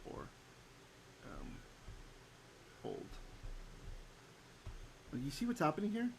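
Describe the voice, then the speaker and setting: A man teaching a Torah lesson as a rabbi, animated and often checking in with his listeners, sometimes chanting verses. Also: a little high, takes it slowly, vocal fry, heavy background noise.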